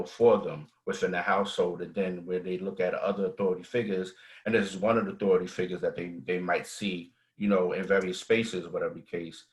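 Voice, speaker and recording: A man with a very low voice, a guest in a casual panel discussion. He rambles through long sentences, leaning on "you know" as he works through his point. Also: rough recording. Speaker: podcast guest.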